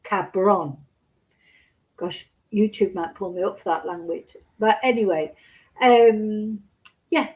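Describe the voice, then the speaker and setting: A woman's voice: medium pitch, unhurried, darkish tone, low-quality recording. A woman gives casual true crime commentary, indignant and sarcastic, scolding as she talks.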